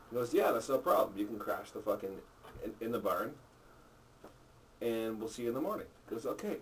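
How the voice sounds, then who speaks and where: A man's voice: lowish voice, a little hiss or hum. Crude man telling jokes, far from the mic. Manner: crude, swears freely, acts out characters. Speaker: joke teller. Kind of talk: telling dirty jokes among friends. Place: apartment.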